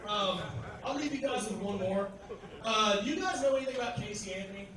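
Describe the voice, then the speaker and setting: A man's voice: high-pitched, expressive, fairly quick, heavy reverb, far from the mic, poor audio. A man from Tennessee doing a crude, brash stand-up comedy set on a club stage, talking to the crowd between punchlines.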